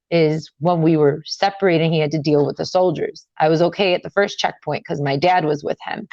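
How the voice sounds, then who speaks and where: A young woman telling a personal story in an interview, talking casually with many fillers and getting animated and higher when upset. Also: dry recording, dull audio. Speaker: interview guest.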